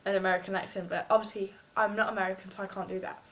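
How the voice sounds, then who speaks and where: A woman's voice: mid-range voice, flat delivery, very fast, a bit bright, rough recording. A woman with an English accent, chatting in a rambling, self-mocking way as she vlogs. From England. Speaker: vlogger. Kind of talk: casual food-tasting vlog.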